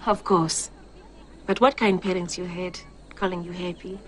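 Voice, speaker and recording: An actress playing a confident, cheerful woman detective with a Botswanan accent, warm and playful in her talk. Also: fairly low pitch, steady tone, moderate pace, slight background noise, lightly acted. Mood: teasing. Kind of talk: TV drama acting.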